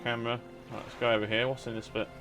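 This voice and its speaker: Man with a cold, chatty gaming commentator, mid-pitched, faint music behind. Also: level tone, fast talker, fairly bright tone. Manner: rambling, chatty, self-restarting. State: has a cold. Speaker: gaming YouTuber. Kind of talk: casual let's-play commentary.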